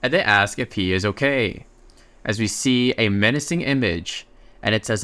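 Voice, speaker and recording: A man narrating a comic story recap in a casual, chatty way, breaking in with excited asides. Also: lowish voice, normal speed.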